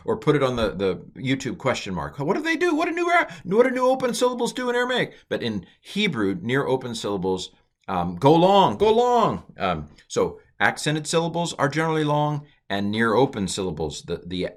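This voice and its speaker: A middle-aged man giving a casual, chatty lecture over slides as a Hebrew teacher, full of fillers and side remarks, with his voice jumping up for emphasis. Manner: chatty and digressive, many uh and um fillers, stress jumps to high notes.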